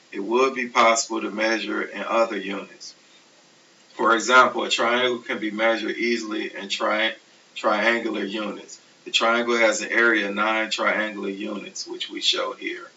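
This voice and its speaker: A man teaching a recorded math lecture, explaining steps slowly and methodically. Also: fairly low pitch. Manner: steady, methodical explaining, self-correcting. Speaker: math instructor. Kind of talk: recorded lecture over slides. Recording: distant, dull, hissy classroom recording.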